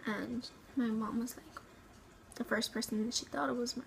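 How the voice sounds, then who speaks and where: Speaking at normal speed with fairly even intonation, a Rio Grande Valley vlogger tells a personal story at home. Her voice is slightly high and gravelly; she rambles, hesitates, fills pauses with "um" and "like," and sometimes nearly whispers. The recording is rough, with a faint hiss under her voice.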